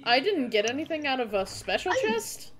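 A woman's voice: high voice, very animated, normal speed. A woman chatting casually with friends while gaming, swearing often and breaking into giggles. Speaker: gamer on a group stream.

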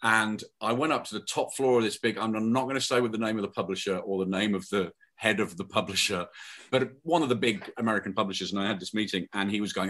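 Guest, animated self-deprecating storyteller, bright voice, video call. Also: male voice, lowish voice, fast. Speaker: crime writer, guest. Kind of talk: casual chat, telling anecdotes.

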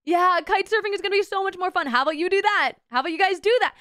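A woman's voice: extremely high pitch, quick pace, bright, forceful tone, no echo, studio quality, voice pushed up. A woman voicing a laid-back but pushy young male surf instructor with a surfer drawl. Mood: coaxing.

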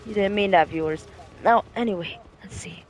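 Hosting a silly gaming roleplay, this high-pitched man talks at a moderate pace, with slight background noise. He jokes, laughs and keeps saying sorry to his robot companion as he narrates.

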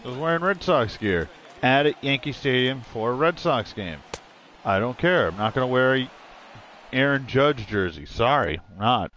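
Male streamer, mid pitch, rambling and foul-mouthed, casual let's-play chat. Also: expressive, moderate pace, a bit bright, slight background noise. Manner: rambling, profane, blunt. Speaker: gaming streamer.

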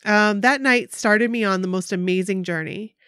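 Gushing, excitable woman podcaster. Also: medium pitch, normal speed, no echo, clean studio sound. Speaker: podcast co-host reading a fan story. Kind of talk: casual chat and reading aloud.

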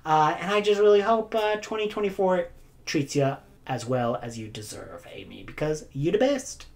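A woman's voice: low-pitched, lively intonation, normal speed, creaky, darkish tone. Chatty, rambling woman vlogger. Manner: chatty, rambling, many "like" fillers; laughs often between phrases. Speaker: booktuber giving community awards. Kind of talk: casual chat to camera.

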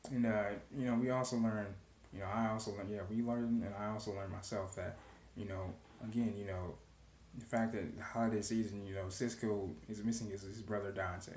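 A man's voice: fairly low pitch, fairly even intonation, brisk, a little mellow. A young man casually recapping a TV episode, loose and profane, with lots of "you know" fillers. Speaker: TV show reaction vlogger. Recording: echoey room with faint noise.

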